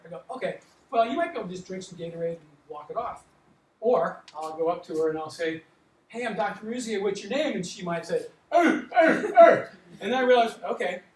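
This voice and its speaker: A man in his sixties, a doctor telling stories to students in a lively, animated way and acting out the dialogue. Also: sits high, slight background noise. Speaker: doctor giving a talk to students. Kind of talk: storytelling talk. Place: large lecture hall. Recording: echoey hall, mic at a distance.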